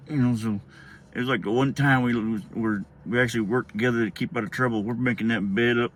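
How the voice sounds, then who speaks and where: A man's voice: mid-range voice, fairly even intonation, a little fast, a bit bright. Rambling man telling stories. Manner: rambling, laughing often, acting out quotes. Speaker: vlogger telling a childhood story. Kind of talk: casual storytelling. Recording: faint background noise.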